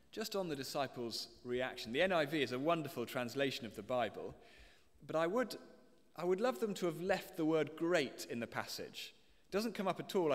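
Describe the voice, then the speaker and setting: A British man preaching a sermon, explaining a passage and reading scripture aloud to the congregation. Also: medium pitch. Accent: British English. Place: church. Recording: long church reverb.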